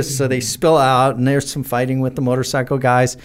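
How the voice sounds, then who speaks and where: American guy spinning wild stories, lots of uh and you know, mid-pitched voice. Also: brisk, clear, resonant tone. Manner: rambling, animated anecdotes with many fillers and laughs. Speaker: guest. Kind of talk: casual storytelling in a podcast interview.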